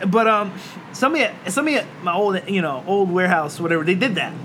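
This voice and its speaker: High-voiced laughing man telling crude stories. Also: a little fast, sharp tone. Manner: crude, rambling storytelling with frequent laughter. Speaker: podcast co-host. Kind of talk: casual chat. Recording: noisy room ambience.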